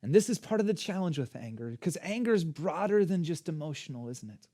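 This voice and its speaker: Male pastor with a warm, mellow tone, preaching in a lively, chatty teaching way. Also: fairly high pitch, fairly quick. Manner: energetic, conversational teaching. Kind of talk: sermon.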